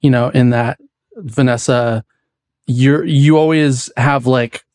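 A man's voice: medium pitch, slow pace, no echo. Guest: young man from the west coast, easygoing, rambling, mid-range voice, dry close sound. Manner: relaxed, rambling, laughs often. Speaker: podcast guest. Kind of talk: casual chat.

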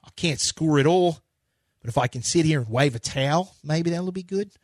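A man's voice: a little high, steady tone, a little slow, pushed and bright, smooth, dry recording, studio quality. A man putting on a joking voice as an Australian basketball backup center, in a goofy put-on drawl.

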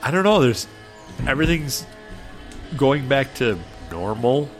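A man's voice: medium pitch, animated, measured pace, faint music behind. A man co-hosting a podcast in laid-back, wry casual banter, from Michigan. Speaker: podcast co-host.

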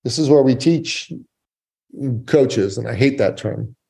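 Male podcast guest, warm voice, animated storyteller. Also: medium pitch, takes it slowly, gravelly. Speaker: guest, business coach and author.

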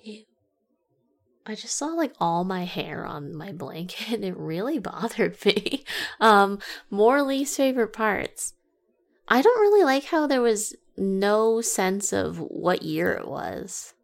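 A woman's voice: mid-range voice, sing-song, slow pace, vocal fry. Wry, joking woman in casual chat. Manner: dry, wry jokes. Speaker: podcast co-host. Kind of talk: casual movie review chat.

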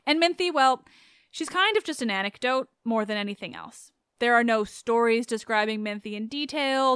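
A woman's voice: a little high, a bit bright, clean tone, no room sound, studio quality. A woman hosting a podcast in a chatty, sarcastic way, swearing freely as she talks. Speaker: podcast host. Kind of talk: casual podcast narration.

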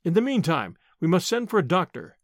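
A man voicing a calm, shrewd older male lawyer who speaks quietly and deliberately. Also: high-pitched, dry recording, clean studio sound. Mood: measured.

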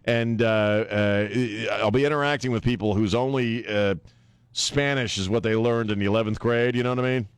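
A man's voice: fairly low pitch, steady tone, normal speed, clear, resonant tone, dry recording. A middle-aged man hosting a talk radio show, rambling and joking in casual banter. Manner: rambling, joking, laughs often.

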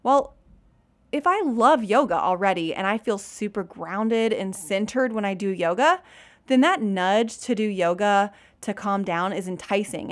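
Chatty mom giving parenting advice. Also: female voice, medium pitch. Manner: chatty and upbeat, laughs often, says "you guys" and "like". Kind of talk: casual advice talk to viewers.

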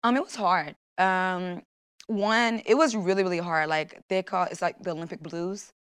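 Young woman guest, a bit low-voiced, animated storyteller. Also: moderate pace, smooth. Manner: animated storytelling, acts out her own thoughts in quotes. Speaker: guest, Olympic long jumper. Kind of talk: casual interview chat.

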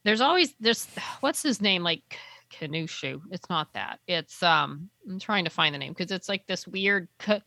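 Woman, bright tone, casual recap chat, rambling, stops to search for names, dry close sound. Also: on the low side, lively intonation, normal speed, gravelly, no room sound.

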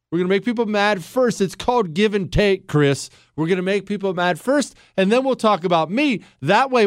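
A man's voice: sits high, no echo. A man hosting a talk radio show in a sarcastic, self-mocking joking manner, speaking into a studio mic.

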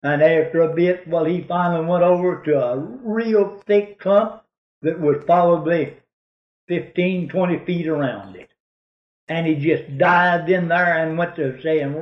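A man's voice: a little high, a little slow, roomy sound, muffled recording. A man telling a rambling, folksy hunting story in a drawling way.

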